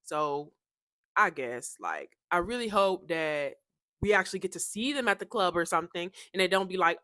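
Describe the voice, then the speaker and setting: A woman with a bright, forceful voice recaps a show in a loose, chatty way, cursing freely as she goes. She puts on the voices of the people she quotes. The recording is dry and close, with no room sound. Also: on the low side, big pitch swings, moderate pace, no room sound. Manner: profane, chatty, acts out quotes. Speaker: reaction channel host. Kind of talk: casual reaction recap.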